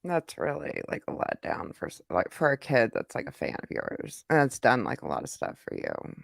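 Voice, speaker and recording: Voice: medium pitch, huge pitch swings, normal speed, vocal fry, a bit bright, dry recording. Indignant reaction host, dry close sound. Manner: indignant, talking back at the clip. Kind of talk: reaction commentary.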